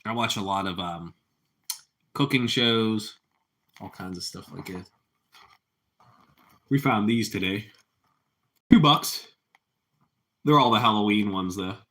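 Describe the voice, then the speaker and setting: Laid-back man, bright voice, chatting live. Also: fairly low pitch, slow pace, long pauses. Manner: relaxed, rambling, chats with viewers and his cat. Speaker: livestream host. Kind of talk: casual live-stream chat.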